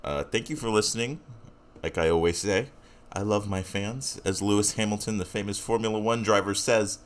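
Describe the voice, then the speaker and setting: A man's voice: on the low side, moderate pace. A young man hosting his own podcast, talking casually in a rambling, self-deprecating way with lots of fillers. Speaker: podcast host. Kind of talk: casual solo podcast intro.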